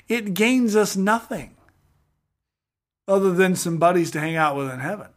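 A man's voice: sits high, moderate pace, pauses often. A middle-aged man hosting a podcast, talking through a Bible passage in a casual, jokey way with slangy asides. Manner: jokey, animated, slangy retelling of scripture. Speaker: podcast host. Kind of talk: casual Bible study chat.

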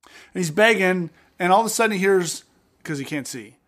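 A man co-hosting a podcast, reading scripture and retelling the stories with animated acted-out voices in a studio. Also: sits high, normal speed. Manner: animated storyteller acting out scenes. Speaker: podcast co-host. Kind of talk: casual Bible-reading podcast chat.

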